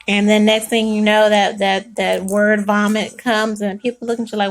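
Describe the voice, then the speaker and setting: A woman giving a casual spoken tarot reading, chatty and animated, swearing freely and laughing often. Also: medium pitch, slow, long pauses, faint music behind. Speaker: tarot reader.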